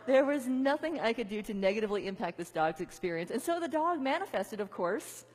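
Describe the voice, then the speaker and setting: A woman's voice: fairly high pitch, big pitch swings, moderate pace. A woman minister giving a conversational sermon, leading her congregation in repeated affirmations. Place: large church venue. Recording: reverberant hall.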